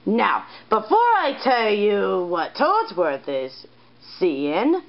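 A female storyteller narrates a made-up adventure in a high, bright voice. She rambles with excitement and swings her pitch wildly. Music plays clearly behind her. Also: low-quality recording. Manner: excitable, rambling, sound effects. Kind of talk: improvised toy story narration.

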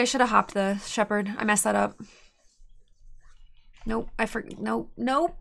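A woman commentating her own card game play, frustrated and exasperated, sighing and swinging between muttered asides and loud outbursts. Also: on the high side, steady tone, unhurried, creaky. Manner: frustrated, exasperated venting with sighs. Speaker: streamer drafting and playing a card game. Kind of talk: live gameplay commentary.

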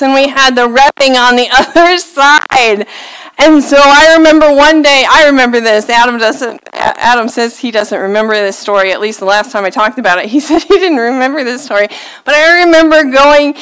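A woman's voice: high voice, pushed and bright, smooth, poor audio. A woman, preaching a sermon and telling a story on herself with self-deprecating laughter.

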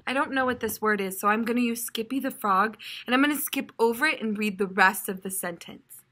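A young woman teacher reads a children's picture book aloud in a bright, ringing voice. She sounds out tricky words slowly and guides young listeners in a playful, encouraging classroom manner. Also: on the high side.

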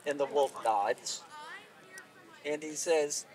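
A man telling a folk tale aloud at an outdoor event, unhurried and expressive, recorded from a distance. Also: fairly high pitch. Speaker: storyteller. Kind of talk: oral storytelling.

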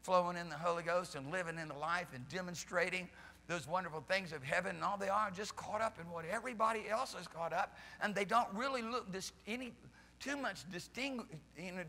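Fervent preacher man in a reverberant church. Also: high voice. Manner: fervent, swings from loud shouting to soft pleading. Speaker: pastor. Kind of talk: charismatic sermon. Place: church sanctuary during a service.

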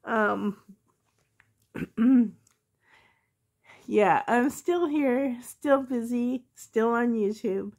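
A woman with a cold, sounding hoarse, chatting casually to her viewers in a vlog and laughing often. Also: fairly high pitch, extremely slow, pauses often, darkish tone. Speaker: reborn doll hobby vlogger.

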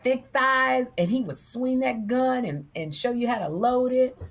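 A woman co-hosting a comedy podcast, telling stories in an animated, gushing way. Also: fairly high pitch, a little slow. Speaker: podcast co-host. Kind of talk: casual comedic chat.

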